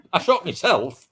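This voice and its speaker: A man's voice: high-pitched, sharp tone, husky. A man trading jokes and telling a long anecdote in casual banter with friends.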